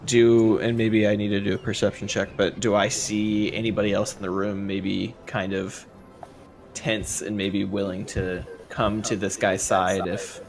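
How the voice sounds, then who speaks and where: Low-voiced laid-back player man. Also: little pitch movement, unhurried. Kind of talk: casual tabletop game chat. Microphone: online voice call.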